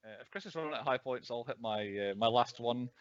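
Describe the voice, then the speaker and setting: A man's voice: medium pitch, quick pace. A man co-hosting a casual film podcast, chatty and laughing often, stumbling over his words. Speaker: podcast co-host. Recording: slightly dull lo-fi dry sound.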